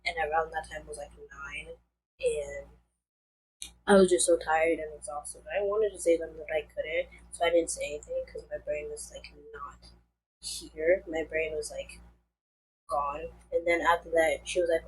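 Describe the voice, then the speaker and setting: A woman's voice: low voice, steady tone, moderate pace, slight background noise, poor audio. A young woman, likely in her teens, telling a storytime vlog in a rambling casual way, full of fillers. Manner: rambling, many fillers like "like" and "and all that stuff". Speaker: vlogger.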